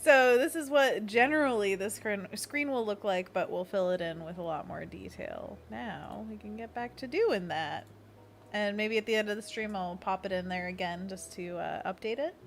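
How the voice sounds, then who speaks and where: A woman's voice: mid-range voice, normal speed, a little hiss or hum. A young woman hosting a casual livestream, playful and giggly, leading hand stretches with silly monkey noises. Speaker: livestream host.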